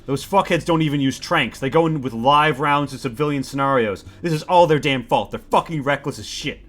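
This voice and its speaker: A man's voice: a little high, a little fast, fairly bright tone. A man voicing a swearing, panicked woman survivor. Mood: ranting. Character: furious injured adult woman survivor.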